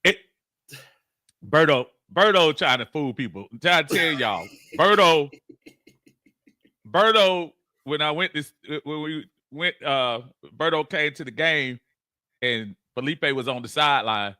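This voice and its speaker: Excitable joking man, bright dry voice. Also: on the high side, unhurried, no room sound. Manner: joking, excitable, stumbles over words. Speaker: co-host. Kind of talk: casual sports talk.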